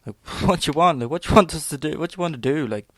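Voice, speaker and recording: A man's voice: on the high side, expressive, quick pace, a bit bright, no echo. A young Irish man in his twenties, hosting a podcast and ranting bluntly in a rambling monologue, swearing freely and peppering his talk with "like.". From Ireland. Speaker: podcast host.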